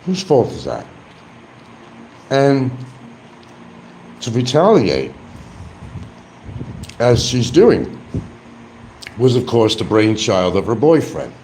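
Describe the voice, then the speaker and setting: A man's voice: mid-range voice, big pitch swings, slow, pauses often, a little mellow, a little hiss or hum, rough recording. A man talking casually on a livestream, blunt and combative, with rambling asides. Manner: eating while talking at times.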